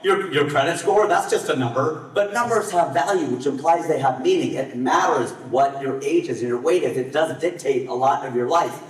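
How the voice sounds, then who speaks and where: A man in his late forties performing a live stand-up comedy set on a festival stage, with his voice jumping up in pitch and volume on the punchlines. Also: normal speed, hardly any pauses. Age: 40s. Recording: echoey hall, voice from far off.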